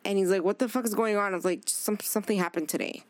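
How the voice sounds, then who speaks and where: A woman's voice: medium pitch, quick pace, no echo. Candid, swearing woman in a dry room. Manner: candid, swears freely, retells dialogue. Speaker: podcast guest; chef. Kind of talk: casual chat.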